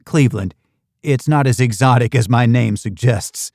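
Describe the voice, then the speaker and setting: A courteous young woman host, voiced by a man lifts his voice a little to sound eager and bright. His grainy, gravelly texture still shows through. The recording is close and dry, with no room sound. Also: mid-range voice, normal speed, no room sound, close to an everyday voice. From United States. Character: polite young woman island staff host.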